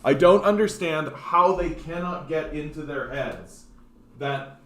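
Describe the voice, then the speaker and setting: A man's voice: on the high side, animated, unhurried, fairly bright tone. Profane, exasperated Canadian man ranting. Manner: profane, exasperated, repeats phrases. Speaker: political commentator. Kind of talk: ranting political commentary.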